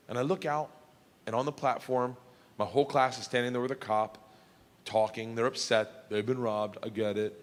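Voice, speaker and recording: A male comedian telling a story on stage, loud and animated, laughing through it. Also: medium pitch, moderate pace. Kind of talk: stand-up storytelling. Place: theater stage. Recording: live hall with faint crowd noise. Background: faint audience.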